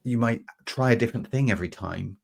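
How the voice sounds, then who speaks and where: A man hosting a podcast, talking through an idea in a relaxed, meandering way, with lots of fillers and restarts and homely everyday examples. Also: mid-range voice, fast talker, gravelly, husky. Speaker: podcast host. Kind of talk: reflective conversational explanation.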